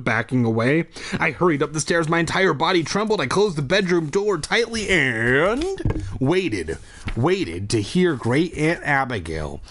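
A man hosting a comedy podcast, reading a kids' horror book aloud with crude, joking asides. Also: a little high. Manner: animated, swings from mock-spooky narration to crude jokes.

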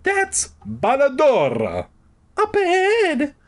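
Man doing a shrill falsetto girl. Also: huge pitch swings, takes it slowly, exaggerated voice. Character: girl with a high squeaky voice.

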